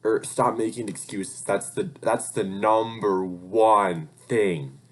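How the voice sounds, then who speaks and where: A man's voice: fairly low pitch, steady tone, takes it slowly. A young man talking in a casual, rambling vlog update, swearing freely and getting heated when he vents. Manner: rambling and profane, gets heated when venting. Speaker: vlogger and hobby voice actor. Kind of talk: casual life-update rant.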